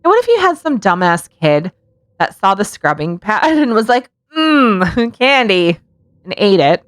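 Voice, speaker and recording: A woman's voice: mid-range voice, big pitch swings, normal speed, no room sound. A woman co-hosting a casual podcast, telling true-crime stories with sarcastic asides and frequent giggles. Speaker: podcast co-host.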